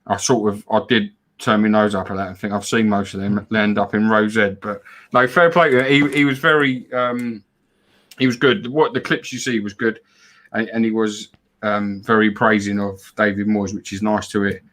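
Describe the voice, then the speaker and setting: A man's voice: on the low side, fairly even intonation, moderate pace, a bit bright. A man co-hosting a casual live fan stream, chatting about football and reading out donations. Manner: chatty, repeats words, reads out donors. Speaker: fan show co-host.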